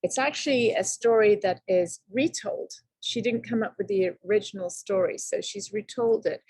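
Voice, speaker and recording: A woman teacher reading a picture book aloud to children, telling it in an expressive, dramatic way. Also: medium pitch, moderate pace, husky, dry recording.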